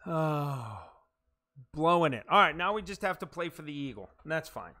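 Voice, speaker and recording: A man's voice: fairly high pitch, sing-song, fast, bright, forceful tone. A man streaming a game live, reacting aloud to his own shots, swearing when frustrated, poking fun at himself and chatting with viewers. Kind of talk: live gameplay commentary.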